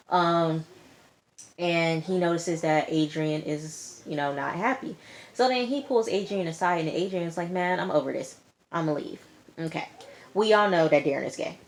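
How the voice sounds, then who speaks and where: Low-voiced woman recapping a TV episode. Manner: chatty, slangy, emphatic, with frequent fillers. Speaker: TV show reviewer.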